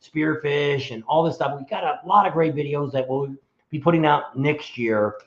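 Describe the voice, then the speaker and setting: Middle-aged man, co-host on a live stream, rambling casual talker, slightly high voice, echoey dull room sound. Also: moderate pace. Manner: rambling, restarts often. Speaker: co-host of a motorcycle travel channel.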